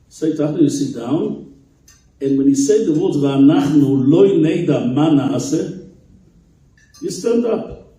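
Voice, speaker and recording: A man gives a keynote talk as a rabbi, telling a story with lively emphasis and chuckles. His voice is mellow and a little high. It rings through a very echoey hall and is picked up from a distance. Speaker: rabbi giving keynote speech. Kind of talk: storytelling speech to an audience. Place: event hall in Israel. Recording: very echoey hall, speaker far from mic.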